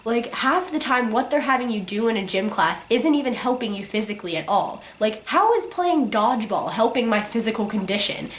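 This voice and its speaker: A teenage girl vlogger ranting casually to camera, her sick voice cracking, filling every pause with "like". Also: a little high, animated, slight background noise. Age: teens. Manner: ranting, constant "like" fillers. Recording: roomy echo.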